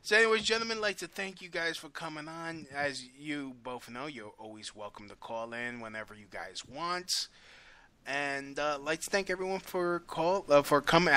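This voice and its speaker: A man's voice: a little high, moderate pace, sharp tone, clean tone. A man hosting a casual call-in radio show, loose and self-mocking, swearing freely as he wraps up.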